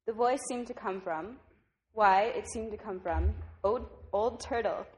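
A woman's voice: mid-range voice, a little slow, a little hiss or hum. A woman reading a picture book aloud to a congregation at a service. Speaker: reader at a service.

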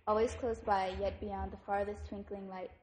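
A woman's voice: medium pitch, level tone, moderate pace, a little mellow, a little hiss or hum, close to an everyday voice. Wise old turtle, read by a woman. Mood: solemn. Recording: echoey room.

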